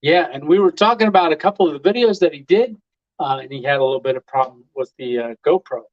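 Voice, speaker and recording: On a casual live stream, a middle-aged man rambles through stories, chuckling and saying "uh" a lot. His voice is fairly high and fast, and the recording's highs are cut off.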